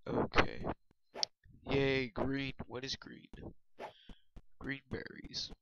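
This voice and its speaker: A man's voice: medium pitch, flat delivery, extremely slow, pushed and bright, smooth. A man giving rambling, hesitant let's play commentary with lots of fillers, on a dull lo-fi recording with noise and mouse clicks. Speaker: gamer.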